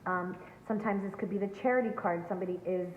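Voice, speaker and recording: With a medium-pitched, steady voice, a woman reads tarot for her viewers at a quick pace, earnest and emphatic in the manner of a spiritual coach. She is at home near a backyard. There's a little hiss or hum, and the sound is tinny and echoey like a phone.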